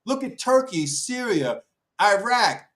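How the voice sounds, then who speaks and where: A man's voice: sits high, big pitch swings, takes it slowly, a bit bright, low-quality recording. A man speaking emphatically on a talk show panel, with a preaching cadence that rises and falls.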